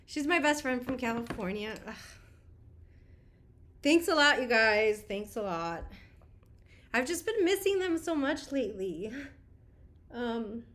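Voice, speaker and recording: With a slightly high, fairly bright voice, this woman in her thirties runs a relaxed beauty livestream. She says hello to viewers and laughs a lot as she talks.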